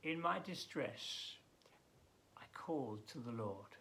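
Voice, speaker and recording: Man, pastor, devotional Bible talk, gravelly, bright tone, earnest, stop-start. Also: mid-range voice, lively intonation, slight background noise. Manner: earnest, emphatic, halting with many restarts. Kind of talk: daily devotional Bible reading.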